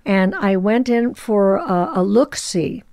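A woman in her eighties, a guest in a casual interview, telling stories expressively and dropping into soft asides. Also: mid-range voice, slow, dry recording, studio quality. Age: 80s.

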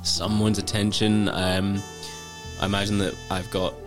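A low-voiced man who plays a tabletop game. He explains his moves plainly and easily. Faint music plays behind him. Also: flat delivery, a little slow. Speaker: player. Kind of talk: casual game chat.

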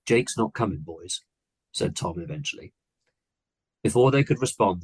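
A man's voice: fairly low pitch, breathy edge, no room sound, poor audio. A man reading his own short story aloud on a comedy podcast, in an earnest storytelling manner.

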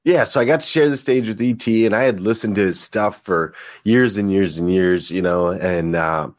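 A man's voice: lowish voice, normal speed, no room sound, clean studio sound. A man from the United States, a guest on a podcast, talking in an earnest, reflective way and often repeating words as he thinks. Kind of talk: casual conversation.

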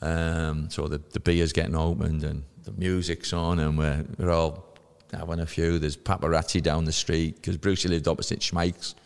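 A man in his fifties, a podcast guest telling lively anecdotes and acting out the voices of people he quotes. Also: very deep voice, moderate pace, gravelly, hardly any pauses, clean tone, in a large hall. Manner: lively storyteller who acts out quoted voices. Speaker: podcast guest, former footballer.

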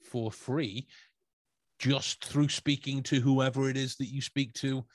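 A man's voice: mid-range voice, fairly even intonation, takes it slowly, no room sound, studio quality. A man hosting a podcast, chatting casually and rambling with lots of fillers and restarts. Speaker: podcast host.

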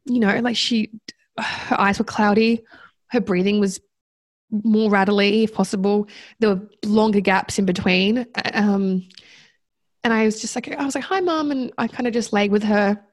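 A woman guest recounts a personal story in conversation, in a mid-range voice with flat delivery on a dry recording. She's reflective and halting, with many fillers and restarts.

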